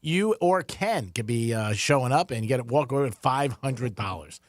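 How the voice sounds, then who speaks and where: A man's voice: medium pitch, lively intonation, moderate pace, dry recording, studio quality. A man co-hosting a radio show, chatting and rambling in casual banter. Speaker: radio co-host. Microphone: studio microphone.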